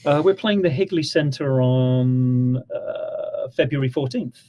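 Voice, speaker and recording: Easygoing man, mid-pitched voice. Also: measured pace, mellow, muffled recording. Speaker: musician guest. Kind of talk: casual interview.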